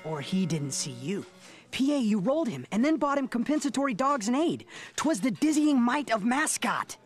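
A woman's voice: on the high side, very animated, moderate pace, slightly rough. A woman voicing a quirky, theatrical middle-school boy with flowery word choices. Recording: cartoon soundtrack with faint music.

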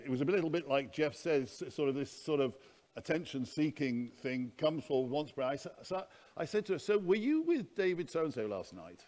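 A man's voice: a little high, a little mellow. A man preaching at a conference, telling stories in an earnest, anecdotal teaching manner. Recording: long hall reverb.

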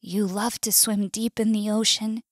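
A woman's voice: medium pitch, little pitch movement, a little slow, no echo, clean studio sound, lightly acted. A woman with an American accent voicing a loving male bird in a storybook, eager and childlike. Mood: sad. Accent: US English.

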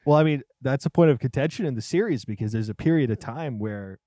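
A man's voice: medium pitch, lively intonation, fast, mellow, no room sound, studio quality. A young man co-hosting a comedy podcast in casual chat, playful and riffing along. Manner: playful, riffs and laughs along. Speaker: podcast co-host.

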